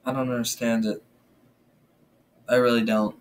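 A man's voice: medium pitch, flat delivery, moderate pace, slight background noise. A man doing casual reaction commentary at home, nervous and stammering, repeating himself. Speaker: gaming YouTuber reacting to videos. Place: room at home. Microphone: laptop or earbuds mic. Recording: roomy, distant from the mic.

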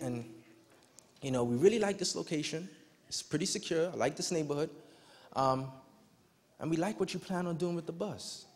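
Young male preacher, lively storyteller, higher-pitched; long church-hall reverb. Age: young adult. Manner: animated, conversational, acts out dialogue. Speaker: youth day preacher. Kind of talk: storytelling sermon. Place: church sanctuary.

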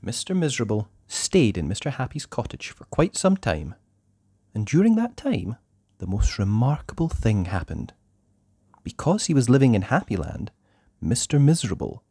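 A storyteller reading a children's picture book aloud in an expressive, sing-song way. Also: medium pitch, breathy edge, dry recording, clean studio sound.

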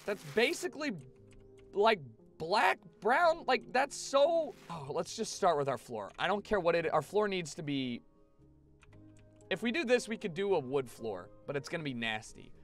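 Animated young male streamer. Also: high voice, normal speed, faint music behind. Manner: animated, chatty, swears freely. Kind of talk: casual gameplay commentary to a live chat.

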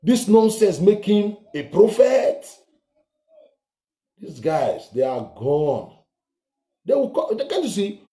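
A man vlogging heated political commentary in a roomy, echoey space. His voice sits somewhat high but mellow in tone, and it swings widely in pitch as he rants with open scorn. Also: sing-song, slow pace, long pauses. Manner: scornful, ranting, swears. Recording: roomy echo.

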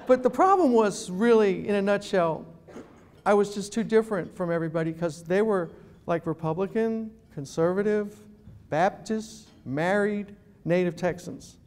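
A middle-aged man giving an animated, self-deprecating humorous talk as a guest speaker. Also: high voice, normal speed. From New York City. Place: event room.

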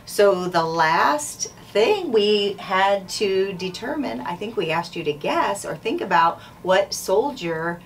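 A woman school principal reading a children's chapter book aloud in a clear, measured way. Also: mid-range voice, lively intonation. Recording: distant mic, faint background noise.

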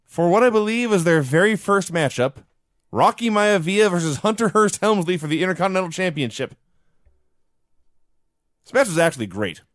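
Animated man recapping wrestling, dry close sound. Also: high-pitched, normal speed, long pauses, no room sound. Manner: animated storytelling, wry. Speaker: podcast co-host. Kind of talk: casual wrestling recap chat.

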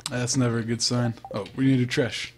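A man's voice: medium pitch, little pitch movement, a little fast, a little mellow, a little hiss or hum. A man giving casual, chatty gameplay commentary, thinking aloud and trailing off as he plays. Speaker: let's play host.

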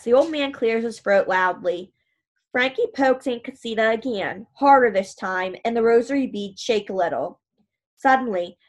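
A woman reads a first-person audiobook with a fairly high voice. Her storytelling is even and steady. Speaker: audiobook narrator.

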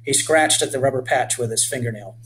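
A man reading his children's book aloud in a clear, measured storytelling manner. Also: medium pitch, fairly bright tone, a little hiss or hum, low-quality recording.

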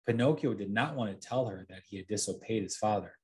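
A man gently reading a bedtime story aloud to children as a storyteller. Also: lowish voice, brisk.

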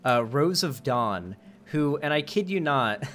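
A man's voice: fairly high pitch, expressive, a little slow, fairly bright tone, soft background music. Rambling man hosting a casual debate. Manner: rambling, many fillers, restarts. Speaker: host.

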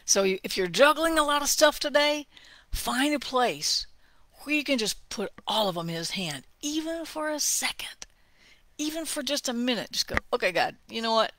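Bright-voiced woman giving a heartfelt devotional talk. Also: high-pitched, expressive, moderate pace, no room sound. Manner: heartfelt, drops to a hushed whisper for emphasis; conversational, with asides and small laughs. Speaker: devotional speaker.

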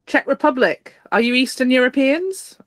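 A woman's voice: high-pitched, expressive, normal speed, dry recording. A woman co-hosting a podcast in casual chat, chatty and laughing often, sometimes trailing off mid-sentence. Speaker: podcast co-host.

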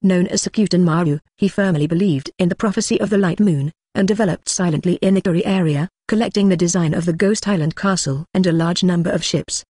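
A synthetic-sounding narrator reading a translated novel in an even, uninflected way. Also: medium pitch, quick pace, hardly any pauses, no room sound, studio quality. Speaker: audiobook narrator. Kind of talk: scripted narration.

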